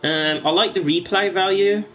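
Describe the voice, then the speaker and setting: A man with a fairly high voice talks loosely to his stream viewers while he plays, rambling along and dropping the odd swear. Faint game music runs underneath him. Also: moderate pace, pushed and bright. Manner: rambling, swears casually, frequent restarts. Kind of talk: casual gaming stream commentary.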